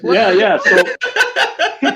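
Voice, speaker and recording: A man's voice: sits high, drawn-out words. A man co-hosting a casual chat show, telling stories with heavy swearing and acting out quotes. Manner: animated storyteller, heavy swearing, acts out quotes. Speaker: podcast co-host. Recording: muffled lo-fi mic.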